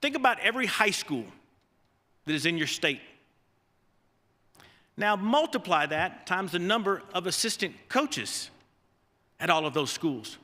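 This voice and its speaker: A man's voice: high voice, very animated, a little slow, pauses often, bright, forceful tone. A man giving a folksy, self-deprecating ceremony speech full of stories, with fillers and restarts. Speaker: award speaker, former assistant coach. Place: banquet hall. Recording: long reverb of a large hall.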